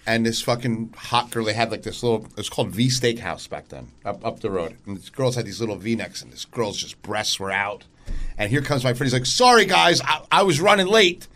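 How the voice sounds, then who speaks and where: A man's voice: mid-range voice, fairly quick. A man in casual podcast banter, telling a story with lots of swearing and laughter. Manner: animated storyteller, swears a lot, laughs often.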